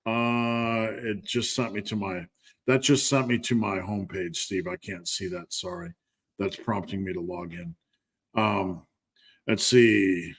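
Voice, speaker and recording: A man's voice: fairly low pitch, steady tone, a little slow, breathy edge. A man hosting a live stream Q&A as a strength coach, talking candidly and bluntly with lots of fillers.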